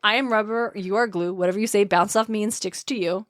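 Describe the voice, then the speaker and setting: A woman voicing a brash young woman warrior who trades taunts quickly and teasingly. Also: medium pitch, steady tone, dry recording, studio quality, natural voice. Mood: taunting.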